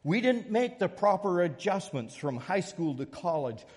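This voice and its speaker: Whiny, high-pitched college freshmen pleading for an extension, as a male preacher puts them on, their voices jumping well above his own and pushing louder. The sound rings with the long reverb of a big hall. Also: sing-song, normal speed. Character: pleading panicky college freshmen, mixed group.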